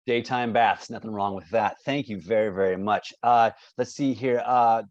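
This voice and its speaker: A man's voice: fairly low pitch, steady tone, moderate pace, dry recording, highs cut off. Man pleading dramatically while leading improv. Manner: pleading, playing an overdramatic advice-seeker. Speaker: improv instructor. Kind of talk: hosting an improv game.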